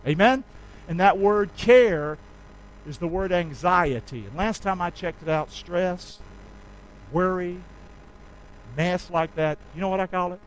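A male pastor preaching a sermon, leading his congregation in call-and-response and swinging from shouts to quiet asides. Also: high voice, measured pace, long pauses, a little hiss or hum, low-quality recording. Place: church sanctuary.

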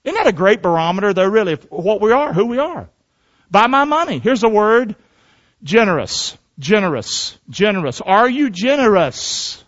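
A middle-aged pastor delivers a sermon in a high-pitched male voice, drawing the congregation in with questions and calls for agreement. The recording sounds muffled and lo-fi. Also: sing-song, moderate pace, fairly bright tone. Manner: call-and-response preaching with frequent "amen?".

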